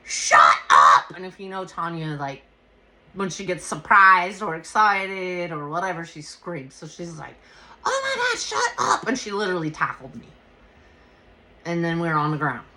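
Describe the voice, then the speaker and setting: Podcast host, woman with a low, bright voice, animated and profane, casual storytelling. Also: normal speed. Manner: animated and profane, swears freely.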